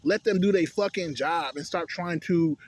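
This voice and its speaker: A young man rants in a loose, storytelling way. His voice sits a little higher than most men's. He swears freely, sounds exasperated, and laughs between his complaints. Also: normal speed, breathy edge, no echo. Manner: profane, exasperated, laughing asides. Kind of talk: casual storytelling rant.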